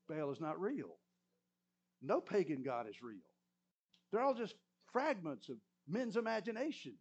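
Guy preaching, high voice, lively storytelling, kinda muffled lo-fi. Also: unhurried, pauses often. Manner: storytelling, animated, clears throat often. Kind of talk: sermon. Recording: muffled lo-fi recording.

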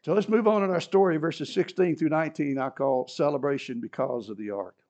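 A man's voice: fairly high pitch, a little fast, a little mellow. A man preaching a sermon, reading scripture and adding chuckling asides. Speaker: pastor. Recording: dull lo-fi sermon recording.

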